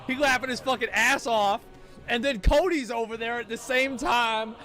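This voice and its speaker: A gaming streamer telling a casual story in a profane, animated way, acting out the people he quotes. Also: very high-pitched, moderate pace, soft background music.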